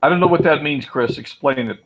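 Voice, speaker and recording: A man's voice: a little high, fairly quick, a bit bright, rough recording. A man hosting a small online group chat, talking in an easygoing, chatty way with restarts. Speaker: group host.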